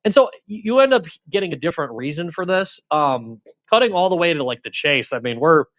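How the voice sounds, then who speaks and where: A man with a slightly raised pitch rambles through a casual podcast chat about a film. He stacks fillers and restarts his sentences. The room sound is dry and close. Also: animated, a little fast, a bit bright, dry recording. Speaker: podcast co-host.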